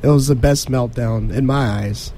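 A man in casual podcast chat, excited and joking, with a voice worn out from cheering. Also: medium pitch, moderate pace, a little hiss or hum. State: lost his voice.

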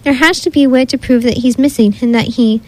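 A curious, sensible young girl from a storybook, quick with her questions and bright in pitch, as a woman reader voices her. The reading is dry and close. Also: fairly even intonation, no echo, close to an everyday voice.

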